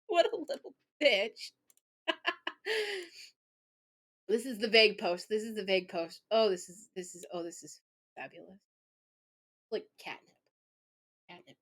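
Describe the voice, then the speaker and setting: A woman streamer reading an academic article aloud and commenting on it in a casual, animated way, often breaking into laughter and mock outrage. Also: a little high. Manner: casual, full of likes and you-knows.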